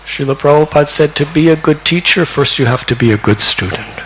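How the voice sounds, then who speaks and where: An older man in his sixties, a spiritual teacher telling a devotional story in a slow, deliberate way that climbs to excited peaks. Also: on the high side, slight background noise, low-quality recording. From United States. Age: 60s.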